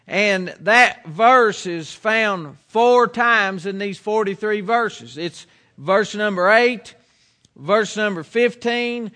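Man, preacher, sermon, high bright voice, earnest and emphatic, middle-aged, from the US. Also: slow. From United States.

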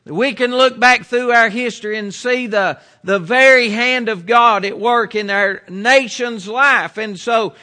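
A man's voice: very high voice, a little slow, few pauses, bright, forceful tone. A middle-aged preacher from the United States delivering a sermon in an earnest, emphatic way, repeating his points.

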